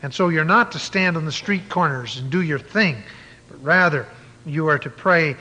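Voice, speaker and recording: A man's voice: on the high side, moderate pace, sharp tone, in a large hall. A man preaching a sermon in an emphatic way, at times spelling words out letter by letter.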